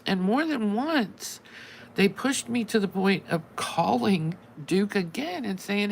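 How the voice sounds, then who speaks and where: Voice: medium pitch, animated, slow pace, vocal fry, a little hiss or hum, low-quality recording. A channel host telling a long story in casual live-stream chat, acting out both sides of each conversation with wry exasperation.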